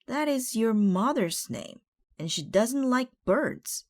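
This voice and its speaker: Woman reading as a pert, gentle pirate mate. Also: on the high side, lively intonation, slow, voice pushed up.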